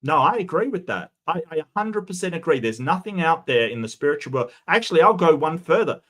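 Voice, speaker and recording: A man's voice: fairly high pitch, lively intonation, moderate pace, fairly bright tone. A man giving sarcastic, mocking reaction commentary, often stumbling and restarting his sentences.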